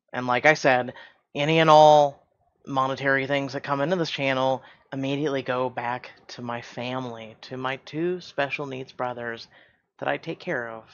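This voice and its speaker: A man's voice: mid-range voice, a bit bright, dull audio. A man who hosts his own channel, speaking in a heated, defensive rant. He often repeats and stumbles over his words. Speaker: YouTube channel host.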